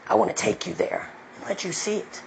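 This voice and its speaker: A woman's voice: a little fast, a little hiss or hum, rough recording. A woman preaching with fiery, profane emphasis, then praying aloud. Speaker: online preacher. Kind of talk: impassioned preaching and prayer.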